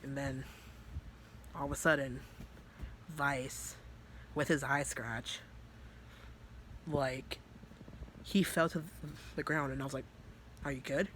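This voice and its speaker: A man's voice: medium pitch, steady tone, slow pace, pauses often, fairly bright tone, slight background noise. A man telling a story in a casual, rambling way, full of fillers and swearing. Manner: rambling, filler-heavy and profane. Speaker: vlogger.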